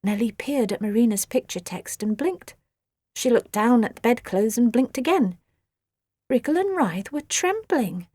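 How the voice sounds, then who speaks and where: A woman narrating a children's audiobook with expressive, dramatic storytelling. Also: fairly high pitch, normal speed, slightly rough, no echo.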